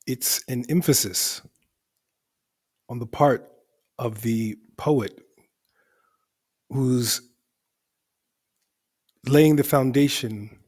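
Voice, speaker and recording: A man's voice: medium pitch, a little mellow. A male teacher explaining the grammar of an Arabic poem line by line, in a methodical way that repeats and rephrases for emphasis.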